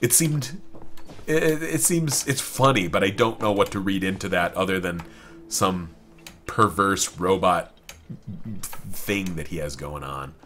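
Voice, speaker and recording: A man's voice: low-pitched, measured pace, fairly bright tone. A man giving rambling, joking let's-play commentary while playing, swearing casually. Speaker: gamer.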